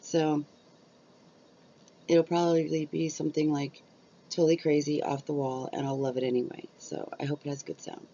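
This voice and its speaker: Gravelly-voiced woman rambling to camera. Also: low voice, flat delivery, moderate pace, warm tone. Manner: rambling, chatty, frequent fillers. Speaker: YouTuber. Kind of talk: casual chat to camera. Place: at home on her bed. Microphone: cheap built-in camera mic. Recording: dull lo-fi sound.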